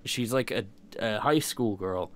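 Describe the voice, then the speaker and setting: Young man, casual streamer chat, rambling, profane, low pitch. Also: expressive, measured pace. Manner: rambling, profane, self-interrupting.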